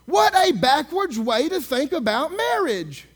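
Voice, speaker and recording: A male minister telling a story in a sermon, sarcastic and animated, acting out the people he talks to. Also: extremely high pitch, a little slow, few pauses. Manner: sarcastic, animated storyteller who acts out dialogue.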